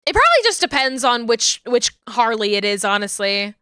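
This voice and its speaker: A woman streamer in casual chat, laughing often and reading messages from chat aloud, with a naturally high voice. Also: very animated, moderate pace, bright, forceful tone, clean tone, no echo, studio quality. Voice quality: high natural register, finds low voices hard.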